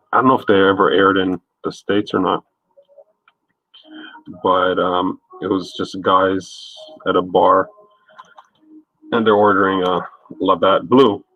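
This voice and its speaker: A man's voice: deep voice, creaky, a bit bright, no echo. A man, an artist chatting casually on a live stream while he paints, rambling and answering viewers by name. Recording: tinny, dry, phone-like sound.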